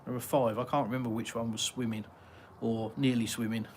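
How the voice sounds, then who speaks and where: A man's voice: medium pitch, little pitch movement, brisk, a little hiss or hum. Rambling Englishman hosting a live chat. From Britain. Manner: rambling and chatty, many ums and uhs, reads comments aloud. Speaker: live-stream host answering viewer chat.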